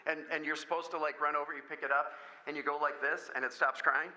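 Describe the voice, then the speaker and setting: A man from Michigan speaking at a school parent meeting, telling jokey stories in an animated way. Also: fairly high pitch, quick pace, low-quality recording. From Michigan, USA. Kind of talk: lively talk with stories.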